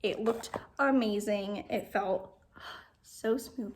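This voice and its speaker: Young woman, beauty vlogger, slow unhurried pace, slightly high voice, gushing, drifts into whispers. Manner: gushing, often drops to a whisper. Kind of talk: makeup first-impressions vlog. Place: home, at a mirror.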